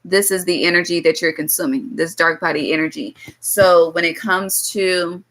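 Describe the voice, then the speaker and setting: A woman's voice: lowish voice, fairly even intonation, moderate pace, fairly bright tone, slight background noise, poor audio. A woman giving a loose, casual tarot reading to her viewers, blunt and swearing freely, drifting into chatty asides. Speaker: tarot reader.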